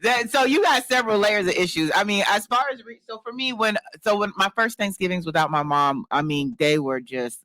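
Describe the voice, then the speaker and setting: Man, radio guest, bright and higher-pitched, reflective and blunt, dry close sound. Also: a little fast, hardly any pauses, dry recording. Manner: open, reflective, blunt with swearing. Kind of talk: casual talk radio chat.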